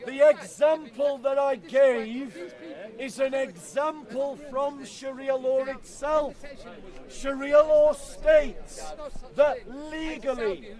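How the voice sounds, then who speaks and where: A man's voice: very high-pitched, steady tone, slow, a little mellow. A man giving a street-corner debate speech outdoors, declaiming to a crowd and repeating himself over hecklers. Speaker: street preacher. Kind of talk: open-air debate speech. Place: outdoors in a city park, crowd around. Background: crowd chatter.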